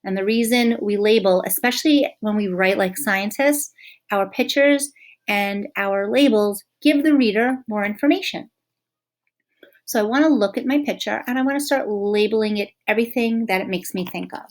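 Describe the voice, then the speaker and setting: A woman teacher speaks gently to young children in a lesson. She is encouraging and patient, and she slows down to sound out the letters of simple words. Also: mid-range voice.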